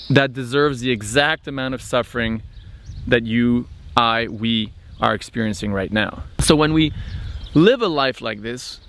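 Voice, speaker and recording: Brief: male vlog host, slightly high voice, reflective and explanatory, lots of "um"s. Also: a bit bright, slight background noise. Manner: thoughtful, explanatory, with frequent "um" and restarts. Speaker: channel host. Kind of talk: reflective spiritual vlog monologue.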